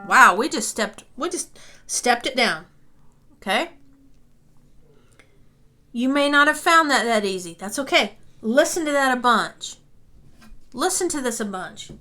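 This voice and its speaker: High-voiced, slow, patient woman music teacher. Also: expressive, bright, forceful tone. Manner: patient, reassuring, checks in with "okay?". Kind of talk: instrument lesson, talking and singing along.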